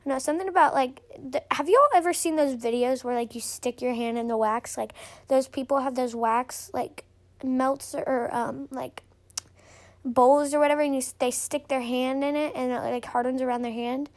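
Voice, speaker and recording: Young woman vlogger with a high voice. Rambles and chats while reading stories aloud. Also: steady tone, normal speed. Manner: chatty, rambling, many fillers. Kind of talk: casual reading and commentary.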